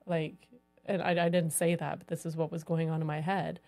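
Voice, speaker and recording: Woman podcast cohost, chatty and reflective, kinda low voice. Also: flat delivery, fairly quick, warm tone. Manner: reflective, says "like" often. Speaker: podcast co-host. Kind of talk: casual conversation.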